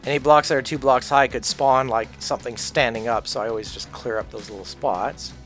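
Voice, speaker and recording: A man's voice: mid-range voice, fairly even intonation, a little fast, a bit bright, faint music behind. A man livestreaming a game, ranting casually in a blunt, profane, opinionated way. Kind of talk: casual rant while gaming.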